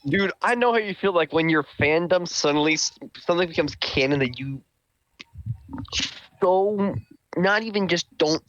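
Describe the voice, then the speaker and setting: A man's voice: sits high, moderate pace, a bit bright, no echo, muffled recording. A young man co-hosting a podcast, joking playfully in casual chat. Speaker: podcast co-host.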